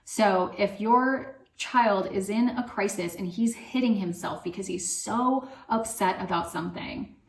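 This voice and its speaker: A woman in her thirties hosting a parenting channel, answering viewer questions in a gentle, conversational way with soft laughs and fillers. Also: medium pitch, a little slow, echoey room.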